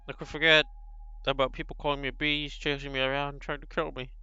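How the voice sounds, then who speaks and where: A brooding male beast who longs to be human, as a man reads him aloud, slow and solemn, with pauses between phrases. The voice is bright and smooth, with a gravelly edge. It comes through a slightly dull, lo-fi stream recording. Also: on the high side, level tone, no room sound. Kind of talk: reading a visual novel aloud.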